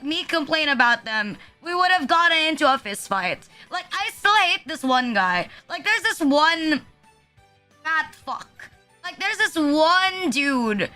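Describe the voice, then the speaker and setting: A woman's voice: very high voice, sharp tone. A young woman, ranting casually as a streamer, filling her talk with "like" and swearing. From Philippines. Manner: ranting, heavy use of "like", profane. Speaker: VTuber streamer. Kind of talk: casual chat. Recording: music playing behind.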